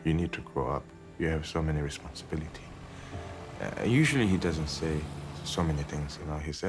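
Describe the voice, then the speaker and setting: Brief: man in his 30s from India, very low voice, reflective and halting, soft music under. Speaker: interviewee, Tibetan Buddhist teacher. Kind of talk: documentary interview.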